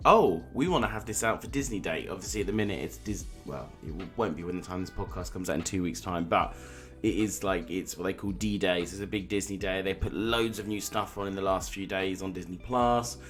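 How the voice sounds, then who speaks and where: A man's voice: deep voice, steady tone, normal speed, a bit bright, faint music behind. A man co-hosting a casual film podcast, talking in opinionated bursts with frequent restarts. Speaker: podcast co-host. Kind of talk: casual film review chat.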